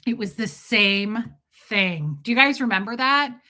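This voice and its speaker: A woman hosting a casual livestream, telling animated stories and greeting viewers by name. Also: on the high side, a little slow. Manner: animated storytelling, reads out viewer names. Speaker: livestream host.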